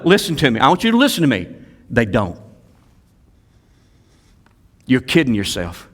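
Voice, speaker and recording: A man's voice: mid-range voice, huge pitch swings, moderate pace, long pauses. Emphatic preaching man. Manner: emphatic, swings from quiet asides to loud exhortation; repeats key phrases for emphasis. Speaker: pastor. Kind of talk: sermon.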